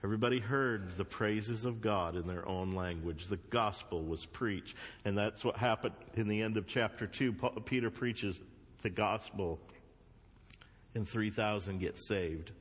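Emphatic Southern preacher in a reverberant hall. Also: male voice, a little slow, husky. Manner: swings from loud emphatic bursts to low earnest asides. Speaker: pastor. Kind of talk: sermon. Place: church sanctuary.

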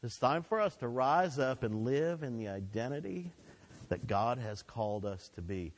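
A man preaching a sermon in a church sanctuary, his voice trailing off into long reverb. His delivery is emphatic, surging on key phrases and falling low on others, and he draws the congregation into repeating after him. His pitch sits mid-range for a man. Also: lively intonation, moderate pace. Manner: emphatic preaching with swelling and dropping delivery, leads call-and-response. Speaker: pastor.

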